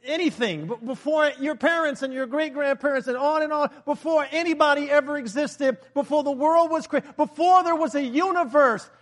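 A man with a strikingly high voice delivers a sermon. He is animated and joking, throws rhetorical questions at the congregation and breaks into loud bursts. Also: moderate pace, few pauses. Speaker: preacher.

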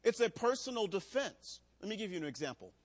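A man, a pastor, preaching a sermon to a room, moving between loud emphatic preaching and quiet storytelling. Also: high voice, big pitch swings, fairly quick. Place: church room.

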